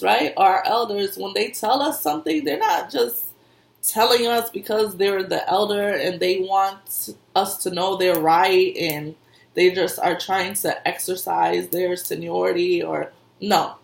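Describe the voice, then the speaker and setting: A woman's voice: mid-range voice, unhurried, creaky. A woman who works as an intuitive reader and medium, giving casual spiritual advice in a conversational way, repeating herself and laughing often. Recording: echoey room.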